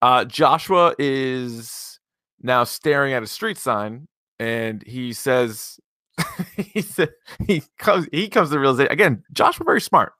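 Bright-voiced man recapping a movie. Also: medium pitch, expressive, measured pace, no room sound, clean studio sound. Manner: laid-back, swears, laughs often. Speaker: podcast co-host. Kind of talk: casual movie recap chat.

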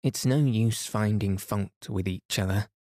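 A man's voice: fairly low pitch, unhurried, mellow, no echo, clean studio sound, close to an everyday voice. A man voicing a polite, decided girl. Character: polite, sensible older girl.

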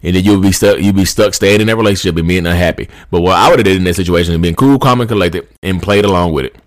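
A man's voice: deep voice, quick pace, hardly any pauses, no room sound, studio quality. A man hosting a podcast, giving advice in a loose, repetitive, conversational way and speaking straight to his listeners. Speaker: podcast host. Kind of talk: casual advice monologue.

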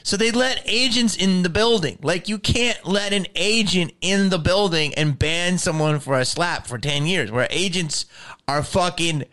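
A middle-aged man and actor ranting in casual talk, swearing constantly and sounding exasperated, his voice climbing higher as he gets riled up. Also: unhurried, sharp tone. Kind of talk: profane casual rant.

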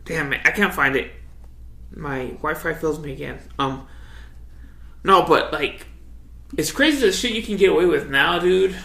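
A man's voice: a little high, expressive, moderate pace, creaky, pauses often, bright, forceful tone. A young man co-hosting a podcast in casual chat, laid-back, swearing freely and saying "dude" all the time. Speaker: podcast co-host. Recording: echoey room.

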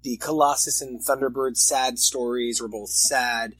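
A man in casual chat about comics, animated and often exasperated as he reviews the stories. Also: medium pitch, a little slow, slightly rough, no room sound, poor audio. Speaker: comic podcast co-host.

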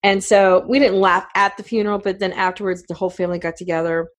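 Middle-aged woman, casual storyteller, rambling and animated, lots of "you know". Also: medium pitch, fast talker. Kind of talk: casual chat.

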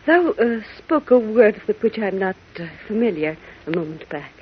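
A woman's voice: mid-range voice, very animated, moderate pace, a little hiss or hum, natural voice. A woman playing a sheltered young princess who speaks archaic English with thee and thou, earnest and bewildered, in a 1940s radio drama. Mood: puzzled. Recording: dull old radio broadcast recording.

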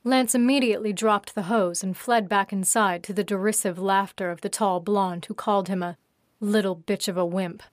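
A woman narrating her own story in a steady, even reading voice. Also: mid-range voice, moderate pace, no room sound, studio quality. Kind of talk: audiobook narration.

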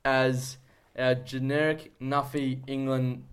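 A man's voice: mid-range voice, little pitch movement, takes it slowly, smooth. A man in casual podcast banter, asking mock-serious, teasing questions.

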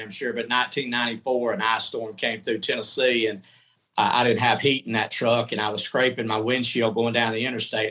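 This middle-aged man spins a long, candid tale in a folksy, rambling manner. His voice has a bright, forceful edge and sits at an ordinary pitch for a man. He talks loosely, like a guest at ease. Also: poor audio. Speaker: guest, country singer. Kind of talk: casual storytelling.

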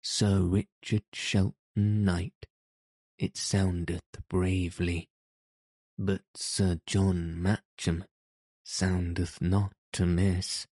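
A man's voice: low voice, level tone, drawn-out words, mellow, no echo, clean studio sound, heavily acted. A man voicing a bold, cheerful teenage outlaw boy who jests in old-fashioned speech. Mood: boastful. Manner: jesting, archaic speech. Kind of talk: audiobook character reading.

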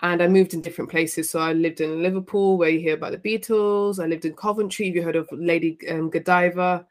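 A woman's voice: lowish voice, steady tone, quick pace. A young adult woman with a Birmingham Midlands accent, chatting casually as a podcast guest, a bit self-deprecating. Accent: Birmingham, English Midlands. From England. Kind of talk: casual interview chat.

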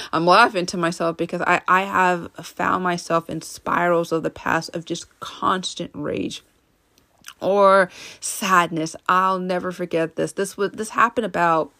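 Earnest low-voiced woman podcast host. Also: a bit bright, dry recording. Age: adult. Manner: earnest, speaks directly to listeners. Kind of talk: self-help podcast monologue.

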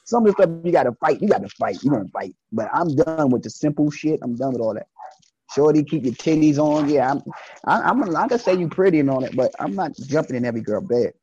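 A man guesting on a podcast, talking in an animated, preachy way and acting out voices in his stories. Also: medium pitch, fast talker, slightly rough, dull audio. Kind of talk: casual podcast conversation.

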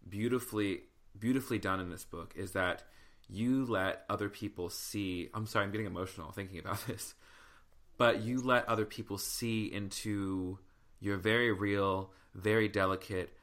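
A man hosting a podcast, chatting casually and telling stories in an animated, playful way. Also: lowish voice. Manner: animated, playful storyteller who gets emotional. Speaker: podcast host. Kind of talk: casual chat.

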